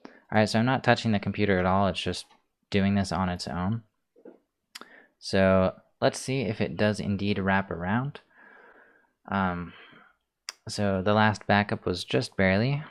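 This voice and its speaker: A man hosting a casual screencast coding tutorial, talking through his steps in a relaxed way with many ums, keyboard clicks heard. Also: fairly low pitch, a little slow, long pauses. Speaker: tutorial host.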